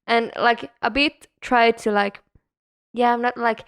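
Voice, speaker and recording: A woman's voice: on the high side, fairly even intonation, measured pace, fairly bright tone, smooth. A woman co-hosting a casual hospitality podcast, chatting about her front desk job with frequent giggles. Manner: giggly, self-deprecating, lots of laughter. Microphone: podcast microphone.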